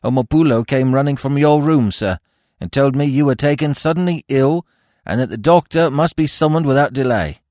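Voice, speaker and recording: A man voicing a composed male servant who reports events briskly and matter-of-factly. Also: medium pitch, darkish tone, dry recording, clean studio sound, pitched above the performer's own voice, natural voice.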